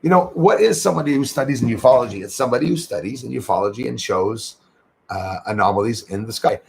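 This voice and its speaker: A man with a gravelly, rough-edged voice at a middle pitch hosts a casual livestream. He talks in a chatty, upbeat way, greeting and thanking viewers as he goes. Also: fast, slight background noise, poor audio. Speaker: livestream host.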